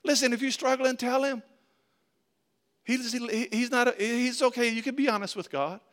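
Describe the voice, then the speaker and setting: A man preaching a sermon as a pastor, in a conversational, animated way with frequent restarts. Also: extremely high pitch, normal speed.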